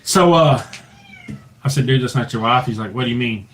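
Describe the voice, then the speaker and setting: A man tells a ghost story in a loose, profane chat, and his voice swings between lively bursts and a low hush for the scary parts. His pitch sits in the middle for a man. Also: a little fast, a little hiss or hum, poor audio. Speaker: paranormal investigator guest. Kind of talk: casual storytelling.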